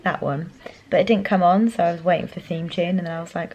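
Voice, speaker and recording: A young woman chatting casually in a weekly vlog, rambling with lots of "like", sometimes mumbling softly while she eats. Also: lowish voice, fairly even intonation, fast, echoey room, a little hiss or hum, poor audio. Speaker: vlogger.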